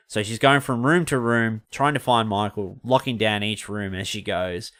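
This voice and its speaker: A man's voice: on the low side, a bit bright. A man hosting a podcast, chatting casually through a film review in a loose, rambling way and correcting himself mid-sentence. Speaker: podcast host.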